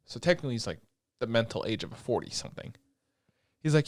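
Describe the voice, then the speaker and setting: A man's voice: medium pitch, fast, no echo. Rambling young man recapping anime. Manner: rambling and excitable, heavy filler words, swears freely. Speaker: podcast co-host. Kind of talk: casual chat recapping anime episodes.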